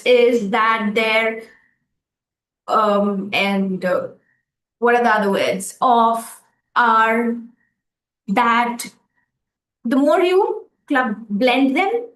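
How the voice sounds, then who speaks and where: Slow, high-voiced woman teaching speech. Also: reverberant, recorded from a distance, low-quality recording. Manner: slow, demonstrative, repeats phrases to model stress and pauses. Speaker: speaking coach. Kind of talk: livestream speaking lesson.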